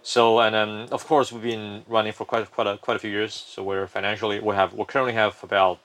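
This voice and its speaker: A man's voice: on the low side, flat delivery, fairly quick, a bit bright. A man, a company founder, explaining his firm at length in a casual interview, often restarting sentences.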